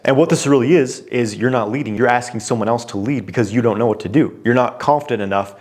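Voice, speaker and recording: A man coaching on relationships, speaking straight to the viewer at an ordinary mid pitch. His delivery is direct and conversational, and he often poses pointed questions. Frequent "you know" fillers run through his talk. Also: quick pace, hardly any pauses, darkish tone.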